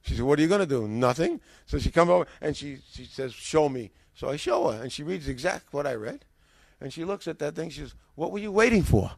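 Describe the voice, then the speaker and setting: An older American man who used to be a pastor tells his story casually, his voice on the high side with vocal fry. He talks briskly with few pauses, acting out the dialogue with a rising voice in an animated way. The recording has no echo.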